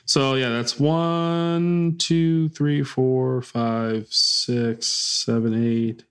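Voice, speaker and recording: A man's voice: mid-range voice, fairly even intonation, very slow. Laid-back man telling a story. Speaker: podcast co-host. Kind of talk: casual chat.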